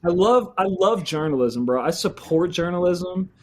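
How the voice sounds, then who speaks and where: A podcast host with a fairly high voice, talking crudely and joking his way through a casual chat with friends. He laughs often and swears freely. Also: animated, normal speed, darkish tone, a little hiss or hum.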